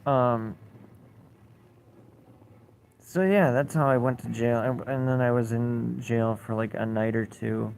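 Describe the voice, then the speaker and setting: Guy on a livestream, swears a ton, mellow voice, faint hum behind him. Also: mid-range voice, fairly even intonation, slow, gravelly, pauses often. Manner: blunt, heavy swearing, rambling. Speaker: livestreamer reading chat comments. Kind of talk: casual storytelling.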